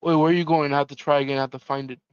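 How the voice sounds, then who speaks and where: A man's voice: on the high side, level tone, racing, clean tone, no echo, lo-fi sound, natural voice. A man voicing a world-weary occult detective, dry and sardonic.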